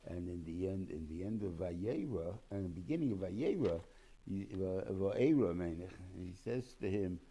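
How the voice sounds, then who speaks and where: Low gravelly rabbi teaching a class. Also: male voice, normal speed, dark tone, low-quality recording. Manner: rambling, conversational, mixes in Hebrew and Yiddish terms; acts out dialogue between figures. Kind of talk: informal Torah class lecture.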